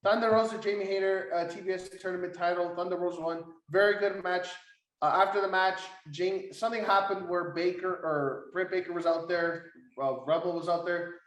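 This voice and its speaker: Excitable young man, echoey room. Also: high-pitched, brisk, highs cut off. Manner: excitable, swears, retells backstage segments. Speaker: podcast co-host. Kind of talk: casual wrestling chat.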